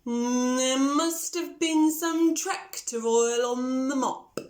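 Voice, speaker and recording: A woman voicing a kindly, helpful cow who speaks slowly and soothingly, in a storybook reading. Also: darkish tone. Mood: reassuring. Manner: slow, low and soothing. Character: kindly slow-talking cow, calm and helpful.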